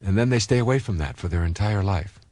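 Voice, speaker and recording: A man's voice: fairly low pitch, lively intonation, fast talker, a little mellow. A middle-aged man giving a recorded self-help talk, telling personal stories conversationally with frequent fillers and restarts.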